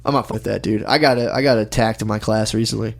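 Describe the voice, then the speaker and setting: A young man chatting casually, rambling through an animated story and mimicking other people's voices. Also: lowish voice, fast, gravelly. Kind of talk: casual chat.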